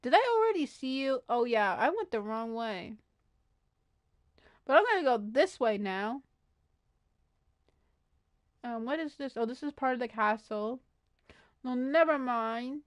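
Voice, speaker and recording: A woman streaming a video game, chatting excitedly to herself and her viewers, often gasping and saying she is freaking out. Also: on the high side, a little slow, long pauses. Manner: excitable, gasping, talks to herself while playing. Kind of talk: casual gaming livestream chatter.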